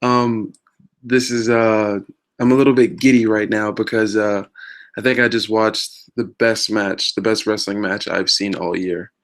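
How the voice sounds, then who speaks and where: A man's voice: fairly low pitch, steady tone, a little slow. Rambling male wrestling vlog host. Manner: rambling, filler-heavy, self-mocking. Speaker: wrestling news show host. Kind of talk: casual vlog commentary.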